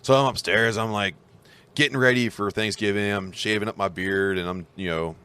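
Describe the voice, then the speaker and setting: A man's voice: lowish voice, steady tone, normal speed, pushed and bright, clear, resonant tone. A man in his thirties co-hosting a podcast, telling a rambling, self-mocking story in casual chat with lots of restarts. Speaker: podcast co-host.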